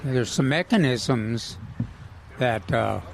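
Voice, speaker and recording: Gravelly male co-host, wry and rambling, faint hum behind. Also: medium pitch, slow. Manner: wry, trailing off mid-thought. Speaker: radio garden show co-host. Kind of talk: casual call-in radio chat.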